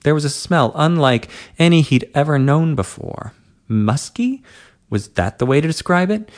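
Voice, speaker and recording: A man reading an adult story aloud at a steady, unhurried pace. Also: a little high. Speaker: narrator.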